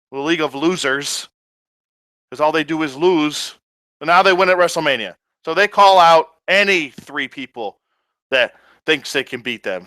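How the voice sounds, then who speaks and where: A man's voice: fairly high pitch, pushed and bright, no room sound. A man ranting in a casual review, profane, sarcastic and exasperated. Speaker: wrestling reviewer.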